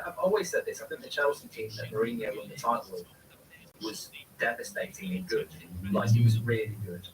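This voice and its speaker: A man hosts a relaxed live watchalong, drifting from thought to thought as he reads viewer questions aloud. He sits well back from the microphone. A steady hiss of background noise runs under his voice. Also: medium pitch, recorded from a distance. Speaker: live-stream host. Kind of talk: casual match watchalong chat.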